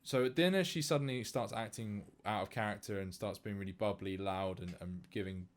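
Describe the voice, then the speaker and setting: Male podcast co-host, lower register, animated casual film chat. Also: a little fast. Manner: animated, many fillers and restarts.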